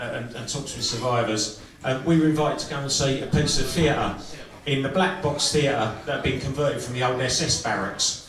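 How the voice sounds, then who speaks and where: Male comic, stage storytelling, crude and dry, mid-pitched, live club, echoey and distant. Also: a bit bright. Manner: crude and swearing, dry and unhurried. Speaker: comedian and singer. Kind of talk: stand-up storytelling. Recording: echoey club room from far off with music.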